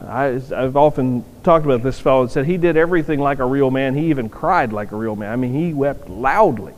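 A man's voice: medium pitch, brisk, muffled recording. A man preaching a sermon in an earnest way, often repeating words for emphasis, in a church sanctuary. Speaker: pastor. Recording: long reverb of a large hall.

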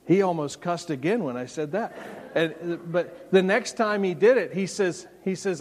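A man's voice: sits high, normal speed, darkish tone. Preaching man in a reverberant hall. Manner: conversational, emphatic preaching with folksy anecdotes. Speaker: pastor. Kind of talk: sermon. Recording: long reverb of a large hall.

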